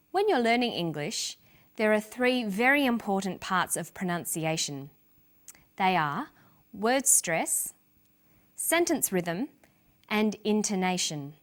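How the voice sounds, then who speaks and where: A woman presenting an English lesson, reading example sentences and slowly stressing syllables for learners. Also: medium pitch, a bit bright. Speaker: English language teacher. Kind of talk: scripted teaching narration.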